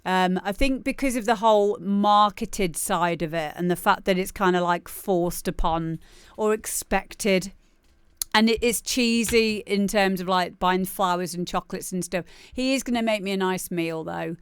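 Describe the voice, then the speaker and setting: A woman's voice: mid-range voice, normal speed, smooth, dry recording, clean studio sound. A woman hosting a livestream show, chatting casually and giggling, rambling with lots of fillers.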